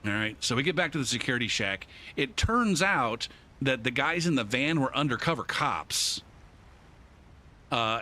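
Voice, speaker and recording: A man on a game stream spins a long story in a casual, laid-back way, swearing freely and leaning on um between thoughts. His voice is bright and forward, sitting at an ordinary pitch at a desk streaming mic. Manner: laid-back, swears constantly, lots of um fillers.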